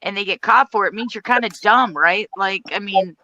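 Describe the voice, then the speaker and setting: A woman's voice: mid-range voice, normal speed, pushed and bright. A woman in casual chat, talking bluntly and swearing freely as she gives her opinions. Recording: dull lo-fi audio.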